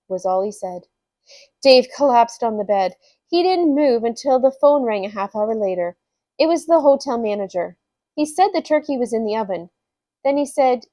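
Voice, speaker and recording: A woman reading a funny story aloud as a storyteller, with an expressive, unhurried delivery. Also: fairly high pitch, no echo.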